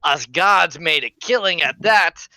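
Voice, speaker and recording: A man doing a slurred, high-pitched drunk guard. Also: lively intonation, a little slow, sharp tone, no echo, full character voice. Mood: ranting. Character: drunk belligerent middle-aged male guard.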